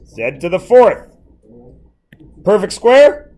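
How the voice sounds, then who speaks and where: A man's voice: high voice, very animated, slow pace, dark tone. A male math teacher in a classroom, playfully quizzing his students and joking with them. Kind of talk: classroom lesson.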